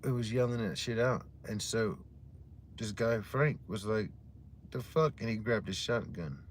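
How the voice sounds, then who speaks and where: A man's voice: on the low side, moderate pace, a little hiss or hum. Profane, rambling man on a livestream. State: drinking beer. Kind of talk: casual storytelling chat to a live audience.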